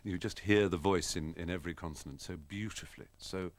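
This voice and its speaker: A man's voice: low voice, fairly quick. A man in a documentary interview who speaks admiringly but hesitantly, with many fillers.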